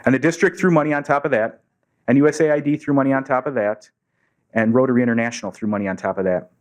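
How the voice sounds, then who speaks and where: A man's voice: mid-range voice, fast talker. A man giving an earnest storytelling speech to a club audience in a meeting room, acting out the voices of people he quotes. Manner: earnest, acts out quoted dialogue. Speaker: Rotary district governor giving a speech.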